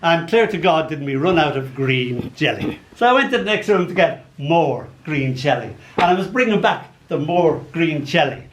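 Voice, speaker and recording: A man's voice: fairly high pitch, moderate pace, hardly any pauses. Older irish guy reading poems and telling funny stories, voice all over the place, bit of hiss in a big room. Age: 60s. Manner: playful storytelling, animated comic asides. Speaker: poet. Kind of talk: poetry reading with anecdotes. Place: arts venue hall before a live audience. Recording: roomy hall, faint background noise.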